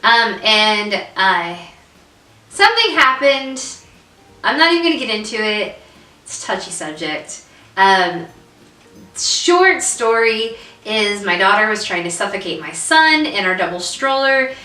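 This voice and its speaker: Bright-voiced woman telling a story, roomy sound. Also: mid-range voice, big pitch swings, measured pace, far from the mic, soft background music. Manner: emotional storytelling with many fillers. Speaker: vlog co-host. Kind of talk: casual chat. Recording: roomy echo, away from the mic.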